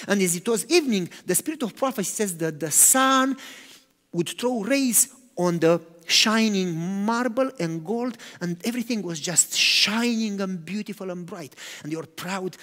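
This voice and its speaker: A man preaching a sermon, animated, swinging between loud emphatic lines and hushed, quiet ones. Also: high voice, a little slow. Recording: long hall reverb.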